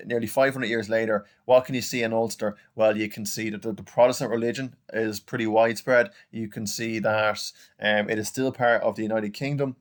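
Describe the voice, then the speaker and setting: A young adult man with an Irish accent, teaching a recorded online lesson in a chatty way, often saying "okay" and "guys". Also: lowish voice. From Ireland.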